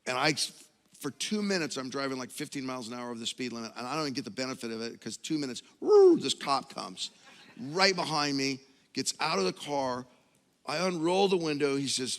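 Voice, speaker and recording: A middle-aged male pastor preaching a sermon, telling a personal story with self-mocking humor and building to loud, emphatic peaks. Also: a little high, lively intonation, fairly quick, long reverb tail. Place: church auditorium.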